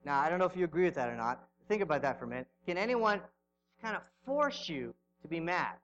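A middle-aged male pastor preaching a sermon, telling stories with sudden swings from loud to hushed. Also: a little high, very animated, quick pace, muffled recording, a little hiss or hum.

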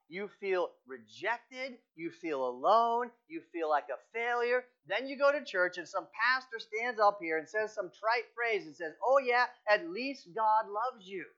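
A man's voice: high voice, bright, forceful tone, muffled recording. A male pastor giving a conversational sermon, telling stories and asking rhetorical questions.

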